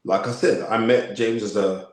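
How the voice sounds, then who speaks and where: A man of fifty with a London accent, telling stories as a podcast guest in an emphatic, animated way. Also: on the low side, normal speed. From United Kingdom. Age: 50s. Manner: emphatic, acts out quoted voices, frequent "you know what I mean". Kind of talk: animated interview storytelling. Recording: echoey room.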